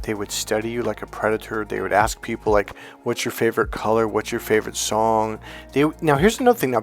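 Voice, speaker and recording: In a motivational monologue, a relationship coach speaks emphatically and with lots of animation, often acting out other people's voices. His pitch is medium.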